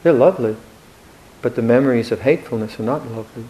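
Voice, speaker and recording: A man giving a Buddhist dharma talk in a reflective, gently humorous way, with hesitant restarts. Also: mid-range voice, fast talker, poor audio. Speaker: Buddhist monk teacher.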